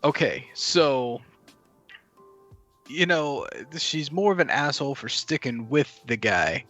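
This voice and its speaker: A man's voice: medium pitch, animated, slow, bright, forceful tone, faint music behind. A man co-hosting a comedy podcast, giving blunt, rambling verdicts with many fillers. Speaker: podcast co-host playing a judge. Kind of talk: casual comic chat.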